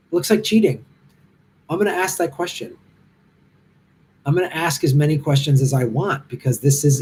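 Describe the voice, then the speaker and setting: A man's voice: fairly high pitch, a little mellow. A middle-aged man, a stand-up comic, talking bluntly and passionately as he answers viewer comments from a hotel room. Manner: impassioned, blunt, rambling. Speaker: stand-up comic hosting a live Q&A stream.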